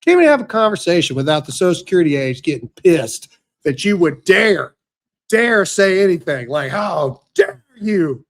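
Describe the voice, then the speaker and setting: This podcast host is a man with a high voice, big pitch swings and a brisk delivery. He rants in a brash, sarcastic way through casual commentary that includes an ad read.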